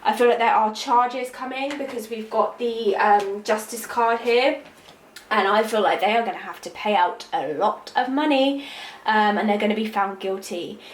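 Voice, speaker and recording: A woman with a somewhat high voice delivers a tarot reading in a monologue. She talks intuitively, halting on fillers and then repeating words for emphasis. The recording has a noticeable room echo. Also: a little hiss or hum. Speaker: tarot reader.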